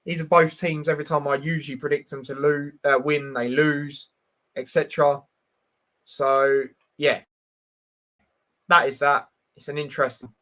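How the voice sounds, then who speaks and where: A man's voice: on the high side, level tone, moderate pace, long pauses, fairly bright tone. Blunt, chatty man streaming. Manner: chatty and blunt, full of fillers, answering chat directly. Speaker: live-stream host. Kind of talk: casual football predictions live stream.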